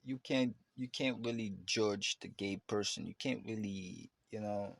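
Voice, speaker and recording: Gravelly low-voiced man musing loosely. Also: unhurried, hardly any pauses, no room sound. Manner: loose and rambling, many fillers and restarts. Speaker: podcast host. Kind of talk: casual reflective monologue.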